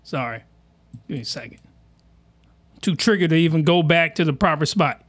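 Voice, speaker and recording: High, lively man ranting crudely. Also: normal speed. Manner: rowdy, slangy, exaggerated outbursts. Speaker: commentary host. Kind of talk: crude comedic reaction commentary.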